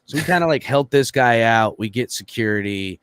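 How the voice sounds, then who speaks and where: A man spins a rambling, profane anecdote in casual podcast chat, full of fillers and acted-out dialogue. His voice sits in a middle pitch. The sound is dry and close. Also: a little fast, clear, resonant tone, no echo. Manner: animated, profane storytelling with lots of fillers; acts out quoted lines in raised voice.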